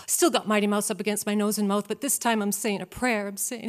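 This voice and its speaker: A woman in her fifties from Canada, telling a personal story with animated, dramatic comic timing. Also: medium pitch, a little fast, hardly any pauses.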